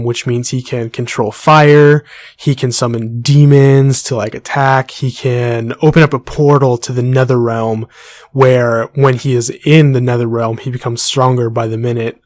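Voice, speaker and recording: A man's voice: mid-range voice, dry recording. A young man co-hosting a casual podcast, teasing his co-host and steering the segments. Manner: playful, teasing, runs the segment.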